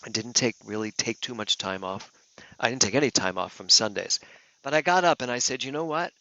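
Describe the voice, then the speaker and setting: A man giving a talk as a minister, telling a personal story in an earnest, emotional way. His voice moves from hushed to loud. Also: fairly low pitch, expressive, a little fast, dry recording, dull audio. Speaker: guest speaker, minister.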